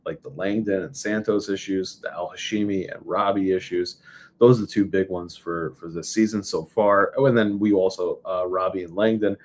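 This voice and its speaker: A man co-hosting a podcast, recapping a TV episode in casual chat with animated storytelling that acts out scenes. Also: deep voice. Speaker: podcast co-host.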